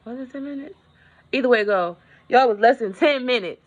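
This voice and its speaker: A woman's voice: a little high, fairly quick, dull audio. A woman vlogger in a casual update, telling a story in a chatty way and talking straight to her viewers.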